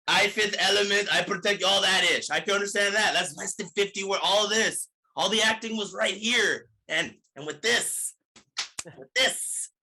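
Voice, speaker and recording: A man talking as a guest on a casual panel chat, loud and excitable, exclaiming his points. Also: high voice, poor audio.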